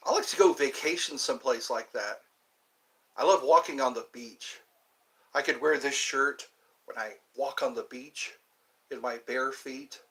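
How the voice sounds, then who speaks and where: Chatting on his live stream, this US man in his fifties meanders, wanders into asides and keeps restarting. His mid-range voice sounds pushed and bright, captured on a rough recording.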